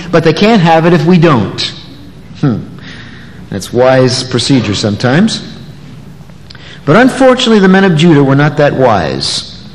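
A man preaching an expository sermon, animated, acting out the voices of the people in the passage. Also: fairly high pitch. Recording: long echoey hall reverb.

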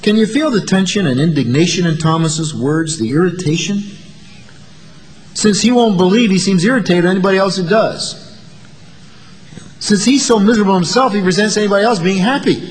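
In a large hall with a little hiss or hum, a man with a high voice preaches a sermon a little fast. His delivery is dramatic, giving voice to the disciples and doubters as the story unfolds.

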